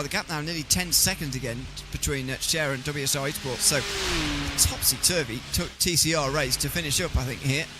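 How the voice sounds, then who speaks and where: A man's voice: on the high side, very noisy. Dry teasing male race commentator. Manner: dry teasing, fluent play-by-play.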